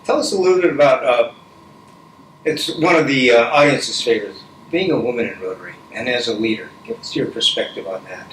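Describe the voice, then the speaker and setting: A man's voice: medium pitch, brisk, a bit bright. A man interviewing a guest, encouraging her with frequent short affirmations. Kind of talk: interview host. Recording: echoey room, from a distance, faint noise.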